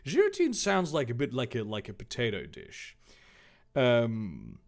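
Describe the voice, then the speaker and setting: A man's voice: medium pitch, wildly swooping pitch, a little slow, vocal fry. A man hosting a comedic reading of a fan story, making sardonic, rambling asides between passages.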